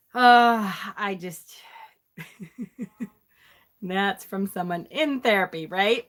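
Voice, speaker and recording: A woman's voice: medium pitch, drawn-out words, pauses often, a bit bright. A middle-aged woman hosting a live tarot stream, chatting casually with an exasperated, laughing manner.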